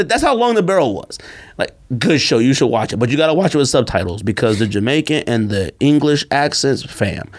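Brief: male podcast co-host, lively up-and-down delivery, playful and argumentative. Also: medium pitch, brisk. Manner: animated, joking, argumentative banter. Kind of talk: casual chat.

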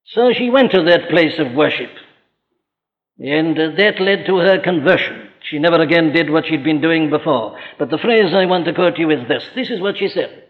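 A man preaching a sermon, emphatic and rhetorical, slowing down to quote scripture. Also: fairly high pitch, expressive. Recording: old lo-fi recording in a reverberant hall.

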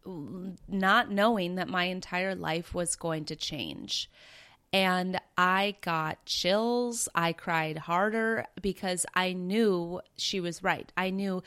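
Woman in her 30s, podcast host, earnest personal storytelling, smooth and lower-pitched. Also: a bit bright. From Minnesota, USA. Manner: earnest, conversational, with quoted dialogue. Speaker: podcast host and breathwork facilitator.

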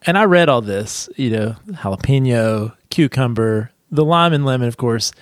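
A man's voice: medium pitch, animated, normal speed, no echo. Stuffy-nosed male co-host, loose and joking, dry close mic. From United States. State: stuffy nose. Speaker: podcast co-host. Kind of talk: casual chat.

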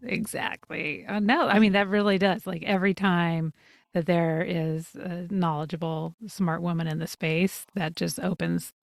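A woman co-hosting a relaxed podcast, bubbly and full of chatty fillers. Her voice is a little low. The sound is dry and close. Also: unhurried, dry recording. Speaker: podcast co-host. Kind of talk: casual podcast interview.

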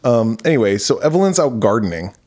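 A man co-hosting a casual horror movie podcast, chatty and prone to high-pitched laughing fits. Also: sing-song, a little fast, a little mellow. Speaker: podcast co-host. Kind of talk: casual movie review chat.

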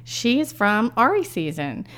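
A woman co-hosting a casual chat, teasing and quick with follow-up questions. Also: fairly high pitch, sing-song, fairly bright tone. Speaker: podcast co-host. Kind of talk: casual chat recapping a reality show.

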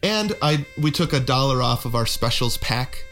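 A man's voice: mid-range voice, expressive, normal speed, fairly bright tone, faint music behind. A young man co-hosting a podcast in a casual, jokey chat, laughing easily. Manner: easygoing, jokey, laughs often. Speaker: podcast co-host.

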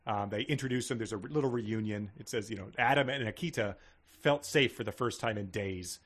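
A man's voice: on the low side, a little fast, fairly bright tone. A man co-hosting a podcast, reading a book aloud and riffing on it with frequent fillers. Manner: rambling, frequent fillers and laughs. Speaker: podcast co-host.

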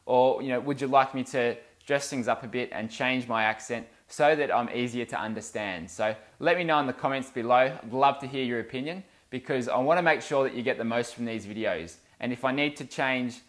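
A man's voice: mid-range voice, a little fast, few pauses, fairly bright tone. A man with an Australian accent, hosting a casual vlog and talking to viewers in a plain, direct way. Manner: plain-spoken, asks viewers questions directly. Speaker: swimming coach and channel host.

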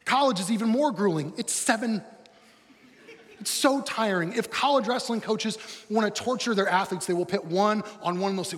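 A man preaching a sermon, animated, swinging between loud excited bursts and quiet, low, intense stretches. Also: moderate pace, in a large hall. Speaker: pastor.

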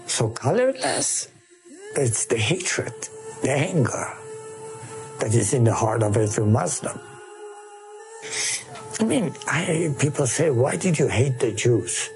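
A man tells his life story slowly and earnestly in an interview clip. His voice is mellow and relaxed rather than bright. Soft music plays faintly underneath him. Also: mid-range voice, vocal fry. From Palestine. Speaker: guest telling his conversion story.

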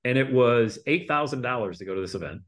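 A middle-aged man telling his story in a casual interview, animated and acting out other people's voices. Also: mid-range voice, quick pace. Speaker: guest speaker and coach.

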